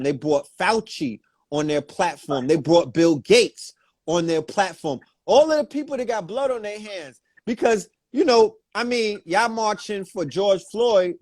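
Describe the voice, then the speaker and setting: A man's voice: sits high, a little mellow, no echo. Impassioned man holding forth, dry sound. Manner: impassioned, preachy, builds to emphatic points. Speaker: guest commentator. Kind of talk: casual podcast talk.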